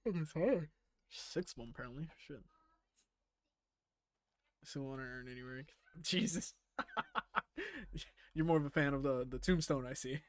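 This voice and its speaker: There's no room sound as a man with a medium-pitched, lively voice unhurriedly chats through a game stream, leaving long pauses. He swears freely, laughs a lot, and mutters to himself while playing.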